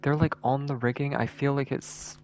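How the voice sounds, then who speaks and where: Gravelly man thinking aloud. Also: mid-range voice, fairly even intonation, moderate pace, darkish tone. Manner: thinking aloud, repeating words. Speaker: streamer. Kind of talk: casual gameplay commentary.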